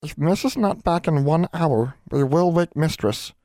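Male reader doing squeaky, anxious house elves, servile, broken grammar, clearly lifted higher. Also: expressive, a little slow, dark tone, dry recording, clean studio sound. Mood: fretful. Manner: squeaky, fretful, ungrammatical speech.

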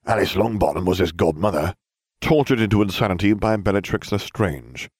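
A man narrating a story in the first person as a smug, scheming teenage wizard, with a wry, deadpan delivery. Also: sits low, brisk, breathy edge, no echo, studio quality. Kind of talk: fan fiction audiobook reading.

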